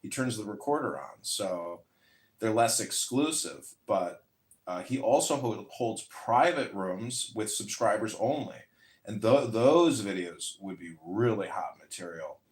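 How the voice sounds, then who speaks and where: A man's voice: lowish voice, animated, measured pace, echoey room. A man talking boastfully and at length in a casual audio chat room. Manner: boastful, rambling.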